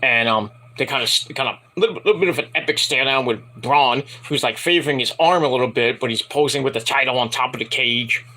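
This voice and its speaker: A man's voice: medium pitch, brisk, few pauses, bright, forceful tone, a little hiss or hum, rough recording. A man giving a casual, rambling wrestling review from home at night, profane and frustrated.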